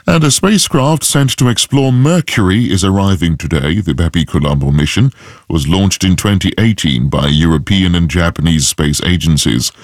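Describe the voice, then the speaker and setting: A man reading a scripted news bulletin in a measured, formal way at a close studio mic. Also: deep voice, dry recording. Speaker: newsreader.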